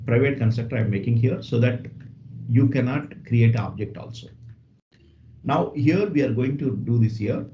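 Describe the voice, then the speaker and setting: A man leads a live coding lesson in a mellow, relaxed voice, going through each step slowly and repeating phrases as he types. The audio is dull and lo-fi, with a faint hiss under it. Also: mid-range voice. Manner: explains step by step, repeats phrases, frequent "okay" fillers. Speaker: programming instructor.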